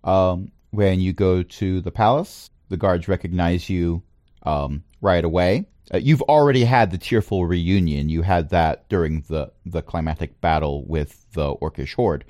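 A man narrating a tabletop game as its game master, relaxed and playful, with frequent ums and asides. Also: low-pitched, unhurried, no echo, clean studio sound.

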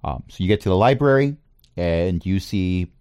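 A very deep male voice runs a tabletop game as game master, his pitch swinging widely as he narrates. He is relaxed and playful, with plenty of ums and asides. The sound is dry and close. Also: normal speed, clean tone, no echo.

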